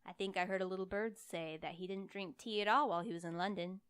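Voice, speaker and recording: A woman's voice: medium pitch, fairly even intonation, fast talker, fairly bright tone, clean tone, close to an everyday voice. A woman doing a teasing sing-song man.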